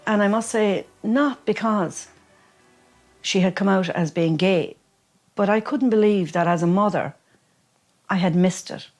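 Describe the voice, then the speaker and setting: A woman's voice: mid-range voice, unhurried, pauses often. Woman, mother, candid, reflective, faint music. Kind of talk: documentary interview.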